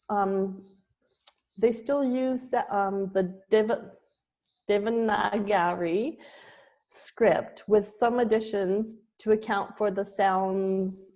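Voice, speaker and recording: A woman giving a yoga lesson at a very slow, unhurried pace, pausing often between phrases. She hesitates with ums and restarts as she works through her presentation notes. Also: mid-range voice, dark tone. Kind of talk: slow spoken lecture with pauses.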